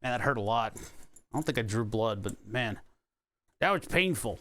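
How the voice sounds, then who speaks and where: A man's voice: mid-range voice, expressive, normal speed, fairly bright tone. A man live-streaming as he assembles a racing wheel setup. He chats casually, jokes about himself and swears when he hurts his hand. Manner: joking, self-deprecating, swears when hurt. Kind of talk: casual live-stream chat while building hardware.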